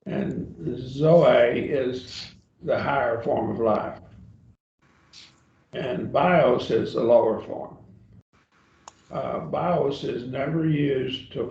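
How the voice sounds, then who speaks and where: A man's voice: mid-range voice, fairly even intonation, slow pace, gravelly, darkish tone. A man teaching a Bible Greek grammar class, patiently explaining step by step and checking in with his students. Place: church classroom. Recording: distant, roomy and dull.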